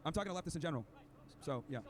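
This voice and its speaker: A man's voice: a little high, expressive, rapid-fire, crowd noise. A man hosting a podcast, arguing in a combative, lecturing way and hurling insults at an opponent. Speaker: podcast host. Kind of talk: heated debate clip.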